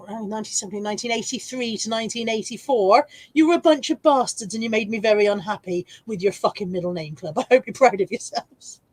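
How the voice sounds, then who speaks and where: A woman's voice: medium pitch, fairly quick, no room sound. Chatty English woman in her forties. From England. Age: 40s. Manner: chatty, self-mocking, laughs often. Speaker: reseller livestream host. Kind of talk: casual live chat reading comments.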